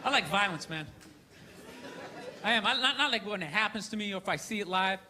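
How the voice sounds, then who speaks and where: A man doing a stand-up comedy set on a theater stage, ranting loudly and shouting his punchlines. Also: high voice, animated, brisk. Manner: loud, ranting, shouting punchlines and acting out characters. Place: theater stage before a live audience. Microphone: handheld stage mic. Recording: live stage recording with crowd laughter and noise.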